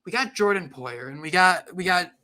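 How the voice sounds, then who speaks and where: A man's voice: high voice, animated, normal speed, bright, forceful tone. A man putting on a nasal voice to play a grumpy middle-aged male football coach who is set in his ways. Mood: offhand.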